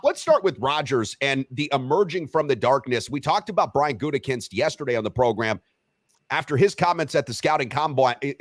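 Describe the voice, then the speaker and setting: A man co-hosting a sports talk show, teasing and lively in a casual way. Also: mid-range voice, no room sound. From Western Wisconsin. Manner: animated, teasing, lively delivery. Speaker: co-host of a sports radio show.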